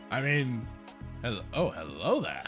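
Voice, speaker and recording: A man's voice: a little high, fairly bright tone. A man streaming a video game, making sarcastic jokes and talking to his chat as he plays. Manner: joking, sarcastic, talks to chat. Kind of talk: let's-play commentary.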